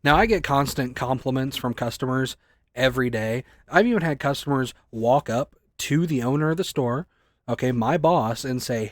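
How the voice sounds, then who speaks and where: A man in his twenties, a store clerk, ranting angrily and swearing a lot, often rising close to a shout. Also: mid-range voice, animated, moderate pace, dry recording. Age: 20s. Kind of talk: angry rant to camera.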